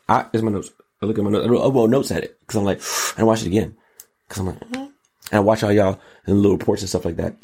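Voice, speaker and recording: A man hosting a show, giving casual, mocking commentary on pop culture and politics in an animated way. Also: fast, creaky, husky. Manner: animated, mocking, jumps into high exclaims. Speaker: show host.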